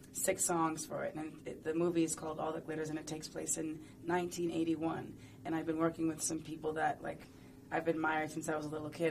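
Woman in an interview, lowish voice, playful and chatty, bit of background hiss. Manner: chatty, playful, rambling with fillers. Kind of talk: casual interview chat.

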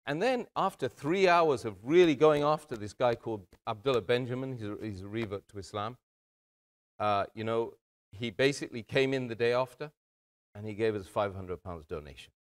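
Male speaker, mid pitch, earnest community talk, addresses the crowd directly. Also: normal speed. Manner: earnest, addresses audience as brothers and sisters. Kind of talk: motivational talk.

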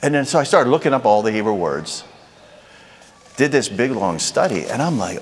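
A man's voice: medium pitch, very animated, normal speed, in a large hall, slight background noise. A man preaching a sermon in a conversational way, asking the crowd rhetorical questions.

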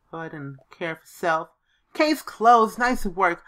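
A woman with a lowish, bright, forceful voice plays a life-simulation game as a let's play host, speaking in an unhurried way with lively intonation. She comments casually, reads the options aloud, and playfully voices the characters.

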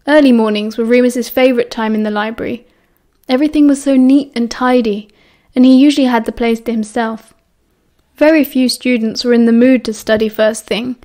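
A woman with a British accent reading a novel aloud as an audiobook narrator, with an even storytelling delivery. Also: a little high. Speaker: audiobook reader.

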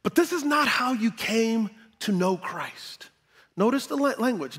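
A male pastor preaching a sermon with great energy, repeating words for emphasis and swinging between loud exclamations and hushed tones. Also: very high voice, animated, unhurried, husky, big-room sound.

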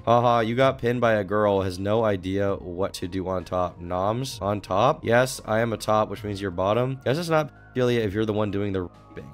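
A man's voice: fairly low pitch, moderate pace, few pauses, faint music behind. Swearing, sarcastic young-sounding man. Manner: sarcastic, swears a lot, mocking asides. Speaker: commentator reading messages aloud. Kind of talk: casual reaction commentary.

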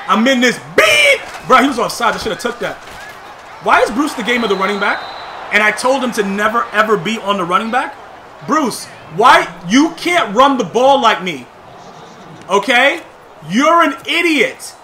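A man giving live gameplay commentary, slangy and trash-talking, bursting into shouts at big plays. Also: extremely high pitch, a little hiss or hum. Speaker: gamer.

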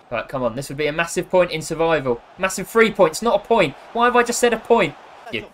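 Excitable man doing gameplay commentary. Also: on the high side. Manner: excitable and jokey, cheering and scolding players. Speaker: gaming YouTuber.

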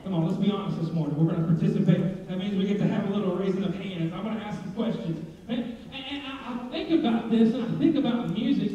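A man's voice: sits high, fast talker, hardly any pauses, dark tone. A young man preaching a sermon in a church, joking and asking the congregation questions. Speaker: pastor. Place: church sanctuary. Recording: echoey hall, distant dull mic.

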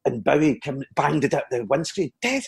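A Scottish man, a comedian, telling lively anecdotes in casual chat, with frequent restarts. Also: mid-range voice, brisk, vocal fry, slight background noise. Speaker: comedian guest.

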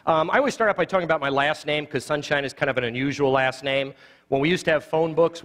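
A man in his forties teaching an evangelism class in a church, a quick, jokey storyteller who acts out the dialogue in his stories. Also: mid-range voice, a bit bright. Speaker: lay evangelism trainer. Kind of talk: live teaching talk with humorous stories. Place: church sanctuary. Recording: long church reverb.

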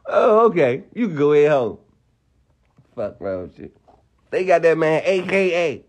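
A man's voice: on the high side, sing-song, a little slow, darkish tone. A man hosting a casual livestream rant, mocking and profane, laughing often as he talks. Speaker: livestream host.

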